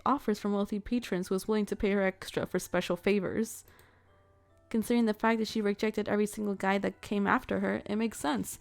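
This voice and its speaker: Visual novel read: woman voicing a loud, knowing gossip of a schoolmate, brisk, slight gravel. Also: mid-range voice, lightly acted. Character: gossipy smug schoolmate spreading rumors.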